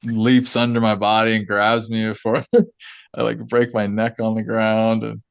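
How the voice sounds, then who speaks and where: Low-ish voice guy rambling on a podcast, laughs a lot, dry close mic. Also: completely flat delivery, moderate pace, creaky, smooth, no echo, lo-fi sound. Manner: chatty storyteller, laughs often, many fillers. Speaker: podcast host. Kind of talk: casual chat.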